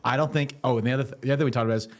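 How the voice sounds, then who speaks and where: A man from Alabama with a Southern accent, co-hosting a podcast in relaxed chat, easygoing and jokey, often repeating his words. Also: medium pitch, rapid-fire. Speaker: podcast co-host. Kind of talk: casual chat.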